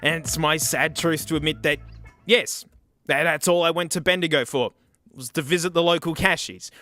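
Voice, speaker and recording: A man from South Australia with an Australian accent, narrating a comedic thrift-store vlog in an excitable, joking way. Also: a little high, normal speed, no room sound, soft background music. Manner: excitable, joking, peppered with "mate". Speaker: vlogger.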